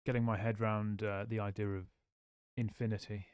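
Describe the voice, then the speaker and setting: A man co-hosting a podcast, bantering in a dry, deadpan way. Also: on the low side, normal speed, smooth, dry recording. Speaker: podcast co-host. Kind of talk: casual chat. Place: studio.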